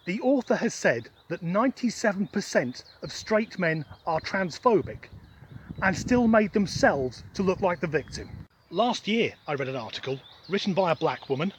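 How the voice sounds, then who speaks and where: A middle-aged Norfolk man vlogs outside on a windy day, sounding off bluntly and sarcastically with plenty of swearing in a generic Southern English accent. His voice is high-pitched and a bit bright, with a little hiss or hum in the audio.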